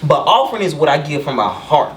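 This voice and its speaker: A man's voice: fairly high pitch, very animated, quick pace, slight background noise. Young man preaching his view, roomy. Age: young adult. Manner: earnest, preachy, often says "you know what I'm saying". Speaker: podcast host and barber. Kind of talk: casual roundtable chat. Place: shop room. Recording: roomy sound from a distant mic.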